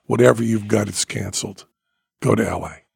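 A stern middle-aged doctor, as a man puts him on speaks low and blunt, insisting without room for argument. His husky, gravelly voice stays dry and close. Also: a little fast, darkish tone, dry recording, exaggerated voice. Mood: urgent.

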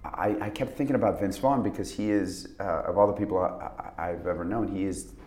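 Deep-voiced man rambling in an echoey room. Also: a little mellow. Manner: rambling, halting storyteller with many restarts. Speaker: actor guest. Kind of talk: casual interview chat.

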